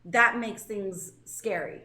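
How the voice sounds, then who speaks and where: Bright-voiced woman in an echoey room. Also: medium pitch, slow pace. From Southern California. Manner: candid, emotional, many fillers and restarts. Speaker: co-host. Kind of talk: casual podcast chat.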